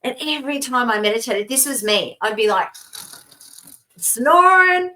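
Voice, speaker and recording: A woman's voice: a little high, brisk, fairly bright tone, a little hiss or hum. Australian woman, middle-aged, podcast co-host, casual chat, rambling storyteller, laughs often.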